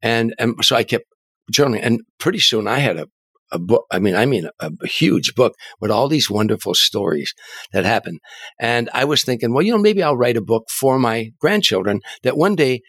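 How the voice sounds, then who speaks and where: An older man, a comedian and author, telling animated anecdotes as an interview guest, often restarting his words. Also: mid-range voice, brisk, no room sound. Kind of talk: storytelling in an interview.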